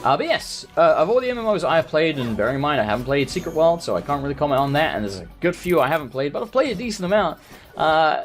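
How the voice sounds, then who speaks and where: Animated, sweary man narrating gameplay. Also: on the high side. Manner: rambling, sweary, sarcastic ranting. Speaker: let's play host. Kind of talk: casual gameplay commentary.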